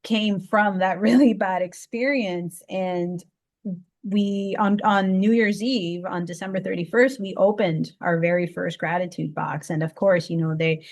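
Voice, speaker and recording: A woman interview guest telling a personal story in conversation, heartfelt, often stopping to restart and repeat words. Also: measured pace. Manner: heartfelt, lively pitch swings.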